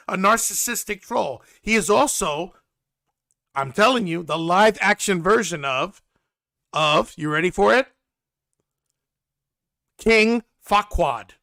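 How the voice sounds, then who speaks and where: A man hosting a casual reality-TV recap, animated and sarcastic in a gossipy way. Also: high-pitched, creaky. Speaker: host.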